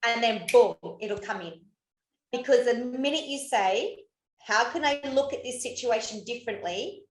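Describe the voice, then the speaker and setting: A woman's voice: a little high, animated, normal speed, reverberant, low-quality recording. A woman co-hosting a podcast in casual chat, who swears freely and laughs often. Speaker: podcast co-host.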